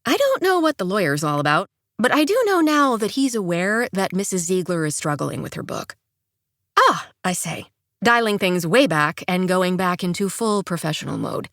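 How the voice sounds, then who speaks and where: A woman narrating a first-person romance audiobook in a chirpy, expressive way, with bright sing-song dialogue. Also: on the low side, normal speed, no room sound, clean studio sound.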